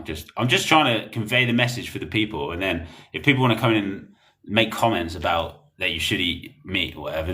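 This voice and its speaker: Man, young adult, very low voice, livestream chat, blunt. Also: fairly bright tone. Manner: blunt, rambling, laughs often. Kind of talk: casual livestream chat reading comments.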